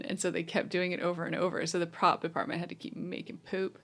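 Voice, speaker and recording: A woman's voice: on the low side, flat delivery, quick pace, fairly bright tone. Chatty woman laughing through film talk. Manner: chatty, laughs often, quotes characters. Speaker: podcast co-host. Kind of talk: casual film discussion.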